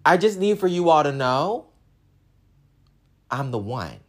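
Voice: mid-range voice, very animated, unhurried. A vlogger in casual, sassy chat to camera, rambling and teasing the audience, with bits of singing. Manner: breaks into snatches of song.

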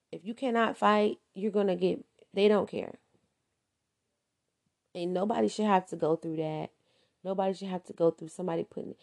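Gravelly low-voiced woman, emphatic. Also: warm tone. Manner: emphatic, repeats points for stress. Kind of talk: casual advice monologue.

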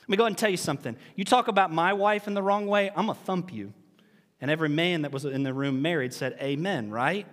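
A man preaching a sermon as pastor, animated, with rhetorical questions and humorous asides. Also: fairly high pitch, fast. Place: church sanctuary. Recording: long reverb in a large church hall.

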